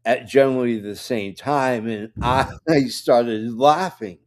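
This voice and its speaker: A man co-hosting a casual chat, telling an animated story and laughing when he gets nervous. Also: medium pitch, slow pace, slight background noise.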